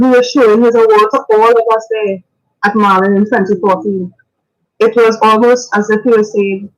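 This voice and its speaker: Her voice sits at medium pitch with fairly even intonation and normal speed, and the sound is lo-fi. As a guest on the radio, this woman offers a tribute full of faith, recalling memories in an earnest, reflective tone broken by occasional laughter and preacher-like turns of phrase.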